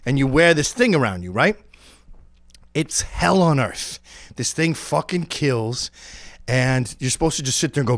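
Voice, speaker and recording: A man delivering a profane comedic monologue, acting out screams and quoted voices and dropping into mumbled low asides. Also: animated, normal speed, no echo. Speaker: comedic host.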